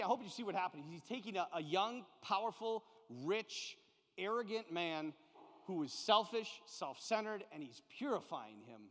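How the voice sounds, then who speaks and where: A priest leading a parish Bible study, talking in a lively, conversational way and acting out little scenes. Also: male voice, fairly high pitch. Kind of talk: animated Bible study talk. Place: church. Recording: long hall reverb.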